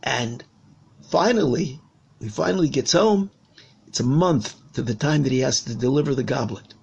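A man, a rabbi, giving a sermon and telling a parable with animated storytelling. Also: medium pitch, normal speed, gravelly, slightly rough.

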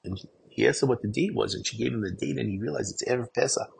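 A man giving an earnest storytelling sermon, often dropping to a hushed voice at the emotional moments. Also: mid-range voice, fast talker, gravelly, husky, low-quality recording.

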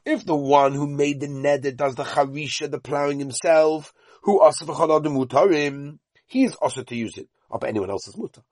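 A man's voice: a little high, a little fast, a little mellow, no room sound, clean studio sound. A middle-aged man giving a Talmud lesson, talking animatedly and mixing Hebrew and Yiddish terms into English. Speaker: Talmud teacher.

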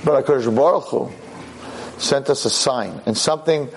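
A man giving a Torah lecture as a rabbi, impassioned, dropping low and grave then rising into sharp outbursts. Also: normal speed, slight background noise.

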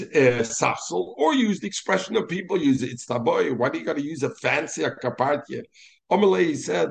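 With a slightly high, creaky voice, a man teaches Talmud in a lively manner. He drops Hebrew and Yiddish terms into English and plays out the rabbis he cites.

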